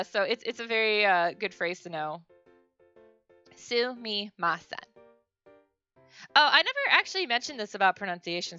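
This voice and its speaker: A woman's voice: mid-range voice, pushed and bright, clear, resonant tone, muffled recording. A woman streamer giving a casual beginner language lesson, chatty and full of fillers and self-corrections.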